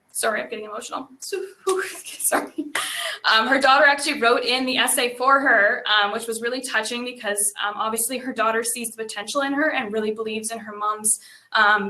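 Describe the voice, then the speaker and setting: Eager, bright-voiced Canadian woman. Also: medium pitch, a little hiss or hum. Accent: Canadian English. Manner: eager and earnest, many ums. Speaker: grant presenter and business owner. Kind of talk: unscripted virtual event speech.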